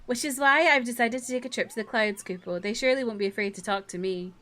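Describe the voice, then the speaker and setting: A woman's voice: a little high, fast talker, a bit bright, natural voice. Woman doing a chirpy little moogle. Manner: quaint, ends sentences with kupo. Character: small cheerful male moogle, timid forest creature.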